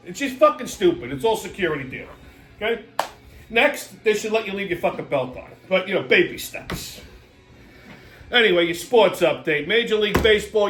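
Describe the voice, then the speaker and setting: A man rants in a brash, profane, exasperated way as a comedy host. His voice sits a little high. An echoey room carries faint music behind him. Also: a bit bright. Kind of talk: comedic rant.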